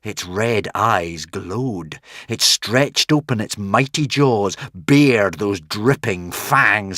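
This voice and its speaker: Animated male storybook narrator. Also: on the low side, slow, no room sound, studio quality. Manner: animated, dramatic, playful asides. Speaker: audiobook narrator.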